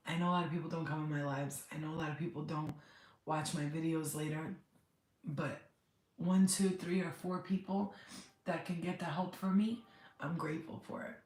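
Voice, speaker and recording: A woman's voice: low-pitched, a little mellow. Tearful woman chatting on a livestream. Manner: tearful, rambling, talks straight to viewers. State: crying. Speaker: spiritual healer streaming live. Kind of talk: emotional live-stream chat. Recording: echoey room, faint background noise.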